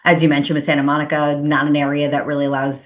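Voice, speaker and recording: A woman's voice: deep voice, monotone, racing. A woman hosting a podcast interview, talking in long, rambling, hedging turns. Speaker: podcast host. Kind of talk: casual interview chat. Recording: tinny phone-like line.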